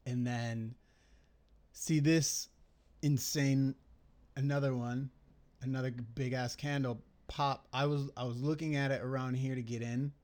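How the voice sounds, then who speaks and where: A man's voice: medium pitch, steady tone, unhurried, darkish tone. A young man talking through his trades in a casual, rambling recap, swearing often and criticizing himself as he thinks aloud.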